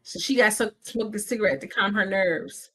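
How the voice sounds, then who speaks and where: A woman's voice: mid-range voice, moderate pace, a bit bright. A woman hosting a movie watch-party stream, giving casual, chatty commentary with playful slangy asides, sounding tired from an early start.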